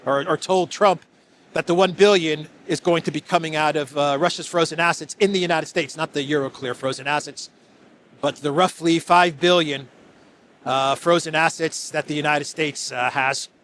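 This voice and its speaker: A man's voice: fairly high pitch, steady tone, moderate pace, fairly bright tone, a little hiss or hum. A man giving casual solo political commentary, sarcastic and chuckling, with frequent restarts.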